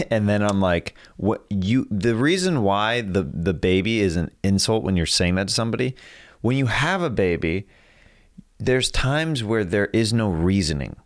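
A podcast host chatting casually, a man who laughs often and jokes in a relaxed way. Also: fairly low pitch, moderate pace. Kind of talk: casual chat.

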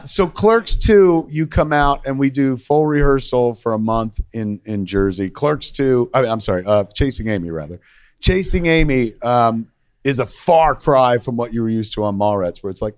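A man hosting a casual chat, telling stories in a profane, animated way and quoting other people's voices. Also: mid-range voice, normal speed. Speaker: podcast host, director.

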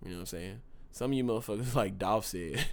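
A man's voice: fairly low pitch, quick pace, darkish tone. A man hosting a podcast, telling stories in a loose, profane, ranting way. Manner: loose, profane storytelling, mocking voices and rants. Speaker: podcast host. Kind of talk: casual monologue.

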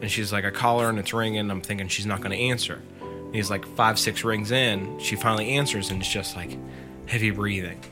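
A man's voice: fairly low pitch, steady tone, brisk, over music. A man casually retelling a scary story on a podcast, full of fillers and quoting the teller. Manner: filler-heavy, lots of "like", quotes the storyteller.

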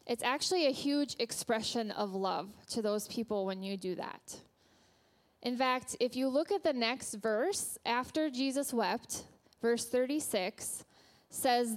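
A woman who works as a nurse, giving an earnest, gentle sermon that she tells like a story in a church. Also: a little high, measured pace.

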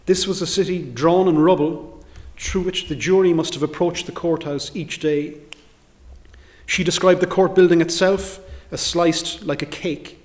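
A middle-aged barrister giving a formal history lecture, in a measured and deliberate delivery read from a prepared text. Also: male voice, on the high side, fairly even intonation, darkish tone.

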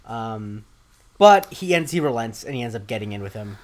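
A young man co-hosts a podcast, recapping a TV episode in a rambling, casual chat full of ums, restarts and dry asides. His voice is lowish, very animated, at a moderate pace.

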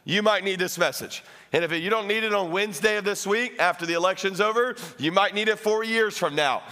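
A man preaching a sermon as pastor, talking straight to his congregation in an energetic, playful way and breaking into loud comic shouts. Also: high voice, a little fast. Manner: addresses the congregation directly.

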